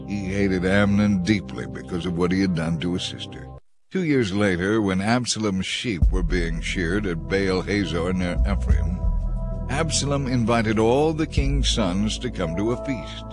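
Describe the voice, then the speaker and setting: A man reading a scripted story aloud in a steady, measured storytelling manner. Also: on the low side. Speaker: narrator. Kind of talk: scripted audiobook narration. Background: background music.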